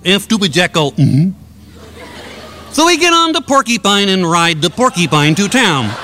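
A man telling a comic fairy tale in a drawn-out, mock-childlike way, putting on voices for the characters. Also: high-pitched, big pitch swings, noisy background. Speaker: storyteller.

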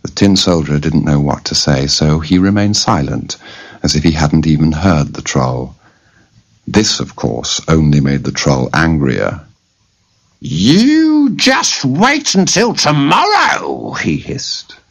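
A man reading a children's fairy tale aloud with expressive storytelling. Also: extremely low pitch, measured pace, creaky. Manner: expressive, varied storyteller's delivery. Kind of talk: storybook narration. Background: soft instrumental music.

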